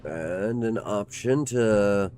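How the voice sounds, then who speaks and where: A man's voice: on the low side, very slow, music in the background. A man giving casual gameplay commentary as a game reviewer. He is slightly out of breath, swears now and then and reads game text aloud. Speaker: game reviewer playing on stream.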